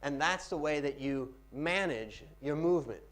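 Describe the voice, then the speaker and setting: Speaking expressively at a moderate pace, a man leads a live pitching workshop before an audience in a seminar room. He shifts his volume and tempo for effect.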